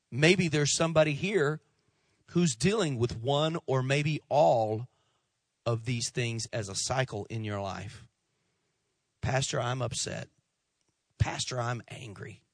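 A man's voice: medium pitch, no room sound. Impassioned male pastor preaching. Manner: impassioned preaching, soft and pleading at the close. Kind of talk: sermon. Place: church sanctuary.

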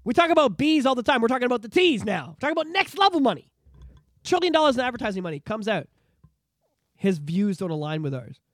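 High-pitched guy ranting n cussing on a podcast, voice jumps all over, dry close mic. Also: rapid-fire, no room sound. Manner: ranting, swearing, animated. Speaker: podcast host. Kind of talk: casual podcast chat.

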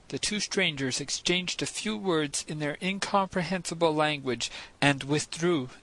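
A man narrating a novel in the first person, measured and expressive, as an audiobook reader. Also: on the high side, poor audio.

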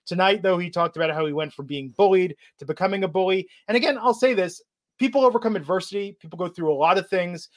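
A man's voice: high-pitched, fast talker. A man hosting a casual podcast chat, talking with a sarcastic, mocking manner. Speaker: podcast host.

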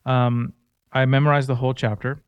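A man's voice: mid-range voice, level tone, moderate pace, clear, resonant tone, no echo. A man in his thirties co-hosting a casual faith-based podcast, telling personal stories in an earnest, conversational way. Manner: earnest storytelling. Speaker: podcast co-host.

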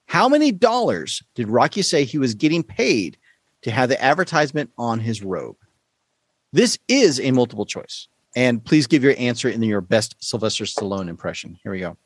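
A man hosting a casual podcast quiz, playful and quick to laugh. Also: mid-range voice, breathy edge, no echo. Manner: playful, laughs often, lively delivery. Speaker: quiz show host.

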